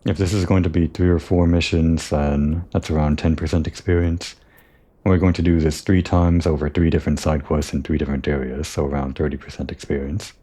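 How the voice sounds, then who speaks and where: A man's voice: extremely low pitch, dark tone, breathy edge. A man giving casual gameplay commentary, musing and thinking aloud, correcting himself as he goes.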